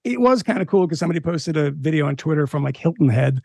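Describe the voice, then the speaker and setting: A man's voice: a little high, expressive, fast, vocal fry, mellow, no room sound, clean studio sound. A man guesting on a political talk podcast, joking in rambling asides. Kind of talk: casual political chat.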